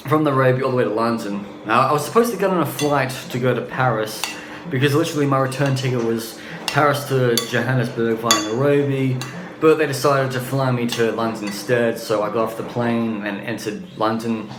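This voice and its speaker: A young man from Australia rants bluntly through a casual travel vlog, restarting his sentences as he goes. His voice bounces around a roomy, echoing space. Steady background ambience runs clearly underneath him. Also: medium pitch, brisk, noisy background. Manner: blunt, ranting, restarts often. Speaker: travel vlogger.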